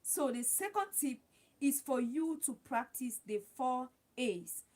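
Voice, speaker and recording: A woman's voice: high voice, animated, measured pace, a little mellow. A woman hosting a live stream, giving chatty, repetitive advice and talking straight to her viewers. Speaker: livestream host.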